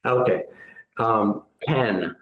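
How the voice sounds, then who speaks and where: An American man hosts a relaxed interview in a somewhat low voice. He is upbeat and curious, asking questions and speaking to his viewers. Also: drawn-out words, muffled recording. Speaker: host. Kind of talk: casual interview.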